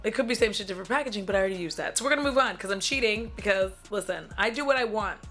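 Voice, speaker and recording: A woman's voice: medium pitch, very fast, a bit bright, faint music behind. A woman beauty vlogger chatting casually at home about makeup, dramatic and profane, often trailing into little vocal noises. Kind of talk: casual chat reviewing makeup.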